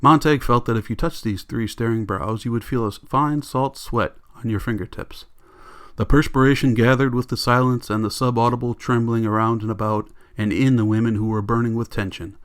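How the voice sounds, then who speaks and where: Ein männlicher Vorleser mit mittelhoher Stimme, der in ruhigem, gleichmäßigem Tempo einen Roman erzählt. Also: male voice, medium pitch, steady tone, fairly quick, fairly bright tone. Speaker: audiobook reader. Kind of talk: audiobook narration.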